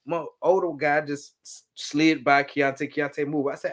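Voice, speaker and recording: A man co-hosting a casual podcast, swearing freely and ranting with real energy. His voice sits a bit higher than most men's, and he jumps into loud quoted outbursts. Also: normal speed. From Mississippi. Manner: profane, animated ranting. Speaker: podcast co-host. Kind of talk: casual chat.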